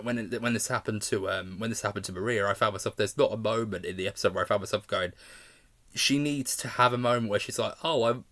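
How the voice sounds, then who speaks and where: Casual male reviewer, slightly low voice, talks in loose restarts. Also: a bit bright. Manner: rambling, frequent restarts and hedging fillers. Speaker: video reviewer.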